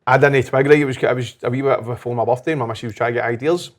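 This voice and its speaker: A man's voice: mid-range voice, very fast. A Scottish man in his thirties, a guest on a casual podcast in a whisky lounge, telling family stories and acting out what people said. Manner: animated anecdotes, acts out quotes. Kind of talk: casual chat over whisky.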